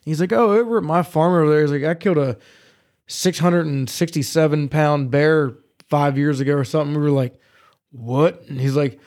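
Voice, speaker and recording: A man telling hunting stories in casual studio chat, profane and animated. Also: on the high side, moderate pace. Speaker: podcast co-host.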